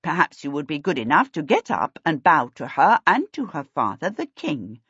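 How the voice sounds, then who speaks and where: A woman voicing a firm, composed witch and mother who speaks in a measured, formal way. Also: low voice, big pitch swings, fairly bright tone, breathy edge, no echo, dull audio, heavily acted.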